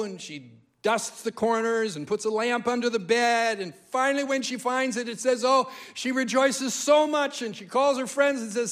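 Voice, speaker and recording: A male preacher with a fairly high voice delivers a sermon with animated storytelling. He repeats his key phrases for emphasis and keeps a lively, conversational tone. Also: normal speed. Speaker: guest preacher.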